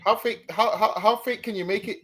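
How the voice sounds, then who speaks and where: A man with a notably high voice explains his point in a relaxed, conversational way. He stumbles and restarts often. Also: brisk. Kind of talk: casual commentary.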